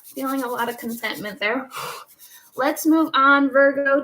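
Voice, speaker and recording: Chatty, higher-voiced woman reading tarot. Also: measured pace, pushed and bright, rough recording. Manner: chatty, rambling, many restarts and laughs. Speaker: tarot reader. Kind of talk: live tarot reading, casual chat.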